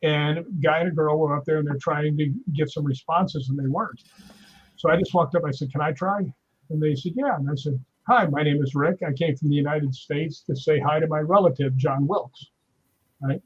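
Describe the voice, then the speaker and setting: A man's voice: a little high, brisk, breathy edge, dull audio. A man telling stories in casual chat on a live stream, acting out the voices he quotes. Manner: animated storyteller, acts out quoted voices. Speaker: guest.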